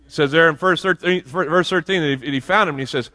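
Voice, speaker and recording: Guy preaching a sermon, bright voice, chatty with lots of restarts, church reverb. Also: fairly high pitch, fast talker, few pauses. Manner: conversational preaching with asides and restarts. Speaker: pastor. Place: church sanctuary.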